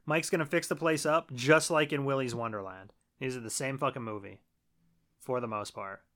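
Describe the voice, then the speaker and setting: A man co-hosting a podcast, recapping a film in casual, profane, animated chat. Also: mid-range voice, moderate pace. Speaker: podcast co-host.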